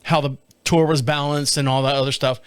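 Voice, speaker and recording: A middle-aged man telling a story casually on his podcast, animated and laughing often, with some swearing. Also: mid-range voice, a little fast, smooth, no room sound, studio quality. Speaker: podcast host. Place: home studio.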